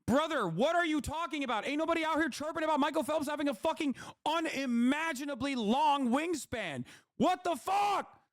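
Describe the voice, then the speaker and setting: A man delivering a heated, profane political commentary rant, often breaking into shouting. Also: high voice, no room sound, clean studio sound. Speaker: streamer being watched.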